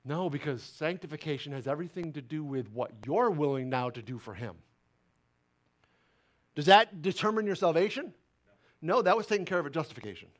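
A male pastor preaching a sermon with fervent bursts of loud emphasis that drop into quiet asides. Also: on the high side, expressive, fairly quick. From Italian heritage.

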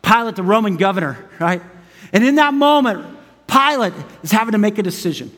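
High-voiced preacher man in a hall. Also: lively intonation, brisk. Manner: emphatic, swinging from loud urgency to hushed intimacy; chuckles between phrases. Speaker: pastor. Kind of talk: sermon. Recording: long reverb of a large hall.

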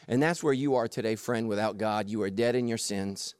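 A man preaching a sermon, animated and jokey, acting out the story's voices. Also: medium pitch, a little fast, no room sound, studio quality. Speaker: pastor.

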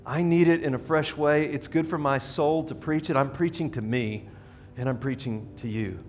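A man's voice: medium pitch, moderate pace, soft background music. A middle-aged man preaching a sermon in a church, earnest and conversational, often restarting his sentences as he speaks to the congregation. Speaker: pastor. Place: church sanctuary.

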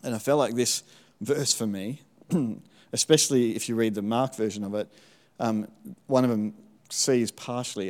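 Low-voiced man sharing testimony. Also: moderate pace, big-room sound. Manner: relaxed, self-deprecating storytelling with frequent ums. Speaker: church speaker sharing testimony. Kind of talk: sermon testimony.

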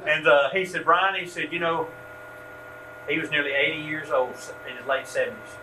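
Man, higher voice, folksy church storyteller, off-mic with a hum behind him. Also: fast. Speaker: ministry workshop leader. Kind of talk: storytelling talk with prayer. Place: meeting room at a church event. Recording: distant mic with steady hum.

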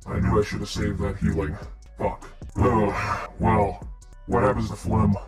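Slow-talking brash man player. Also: on the low side, flat delivery, over music. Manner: brash, swearing, unhurried. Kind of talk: tabletop game play.

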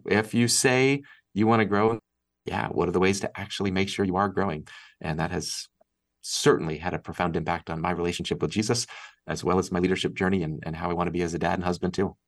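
A man's voice: deep voice, fairly even intonation, quick pace. A man from Massachusetts, a guest author in an interview, talking earnestly and reflectively and laughing easily. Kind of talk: casual interview talk.

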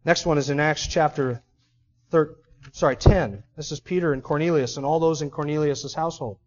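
High-voiced emphatic male preacher, dull recording. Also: moderate pace. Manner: emphatic, driving home points; reads scripture aloud then comments. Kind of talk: expository sermon.

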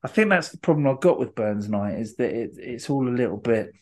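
A man co-hosting a podcast, talking casually in a halting way full of ums and restarts. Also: medium pitch, animated, a little mellow. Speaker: podcast co-host.

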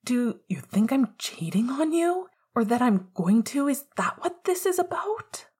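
A woman's voice: high voice, sing-song, unhurried, a little mellow, slightly rough, voice pushed up, heavily acted. A woman voicing a young man who pleads in a raw, desperate voice.

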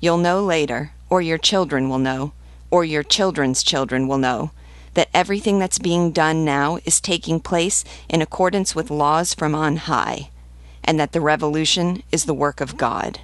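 A woman's voice: deep voice, moderate pace, dry recording, lightly acted. A woman reading as a grave, pleading revolutionary priest. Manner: solemn, earnest pleading.

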